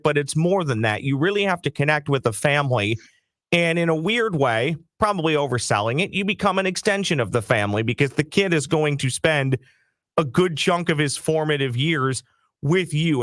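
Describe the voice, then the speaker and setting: A man's voice: a little high, a bit bright, no room sound, clean studio sound. Earnest man talking college football. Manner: earnest, building his point with repetition. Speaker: sports podcast co-host. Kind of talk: casual sports chat.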